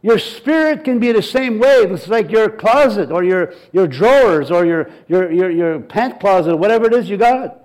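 A man's voice: high voice, normal speed, poor audio. A male pastor preaching a sermon, telling stories with acted-out dialogue and frequent repetitions. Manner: animated storytelling, acts out dialogue, frequent repetitions.

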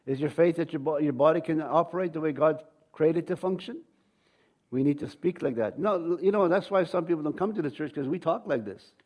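A man's voice: on the high side, fairly quick, darkish tone. A male pastor preaching a sermon in a conversational way, acting out quoted voices and often repeating words.

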